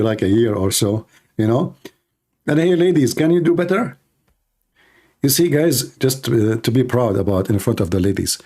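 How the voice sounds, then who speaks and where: With a mid-range, darkish, slightly rough voice, this Arabic-speaking man from the Middle East runs a live-stream cooking chat. He teases, jokes, and laughs at his own humor.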